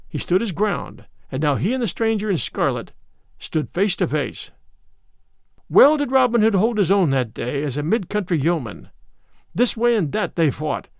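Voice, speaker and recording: A man's voice: high-pitched, creaky, no echo, clean studio sound. Man reading an old tale aloud. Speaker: narrator. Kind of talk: audiobook narration.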